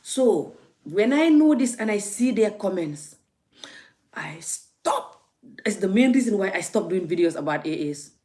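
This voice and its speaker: A woman's voice: mid-range voice, very animated, measured pace, darkish tone. Woman ranting into her phone. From Gambia. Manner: emphatic, laughing, repeats words. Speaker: vlogger. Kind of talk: casual ranting vlog.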